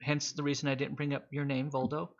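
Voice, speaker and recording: A man narrating a tabletop game as game master, in slow, drawn-out narration. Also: mid-range voice, completely flat delivery, creaky, noisy background. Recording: dull lo-fi audio.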